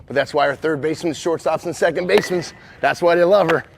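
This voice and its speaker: A man coaching and interviewing a softball player, encouraging and rambling, with many restarts in his questions. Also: on the high side, quick pace, vocal fry, background noise.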